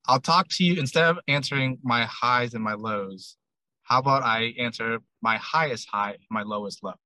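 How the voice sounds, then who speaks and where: Guy telling a long story, bright voice, dry close sound, lots of "i'm like". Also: mid-range voice, normal speed, no room sound, low-quality recording. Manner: chatty, animated retelling with many "I'm like" quotes. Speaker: ramen shop owner, guest. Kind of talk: casual interview storytelling.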